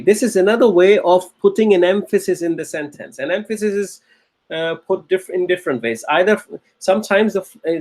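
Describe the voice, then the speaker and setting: A man's voice: high-pitched, a little mellow. Patient male Arabic teacher, repeats often. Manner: patient, repeats key phrases, checks in with "okay?". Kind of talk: recorded classroom lecture.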